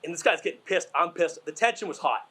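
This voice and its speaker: Young man, stand-up comedian, husky voice, quick rambling delivery, crude self-deprecating jokes, slightly higher pitch. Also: expressive, sharp tone. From Massachusetts. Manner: rambling, crude, with frequent asides and fillers. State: out of breath.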